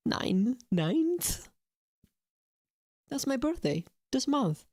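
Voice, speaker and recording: Lively, chatty woman streaming. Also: lowish voice, unhurried, no room sound, studio quality. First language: Italian. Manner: chatty and playful, laughs often. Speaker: game streamer. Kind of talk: casual live-stream chat.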